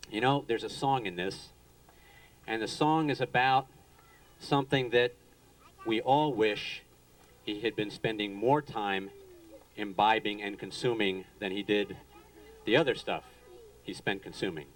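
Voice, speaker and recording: Rambling man joking from an outdoor stage. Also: fairly low pitch. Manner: rambling, wry, with many fillers and restarts. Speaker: band member introducing songs. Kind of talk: stage banter at an outdoor concert. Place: outdoor lawn concert stage. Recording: distant live stage recording.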